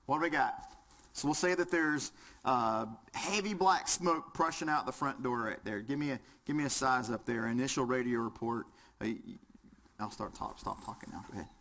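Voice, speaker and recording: A man's voice: mid-range voice, normal speed, fairly bright tone. Joking folksy fire instructor, Southern man. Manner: joking, folksy, quizzes the audience. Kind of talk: lecture with audience participation.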